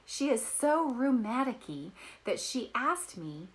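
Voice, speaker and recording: A woman's voice: fairly high pitch, slow pace, pitched above the performer's own voice. Woman putting on an eager little girl. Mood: excited. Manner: bright and excited, bubbling with thanks. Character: eager, kind young peasant girl.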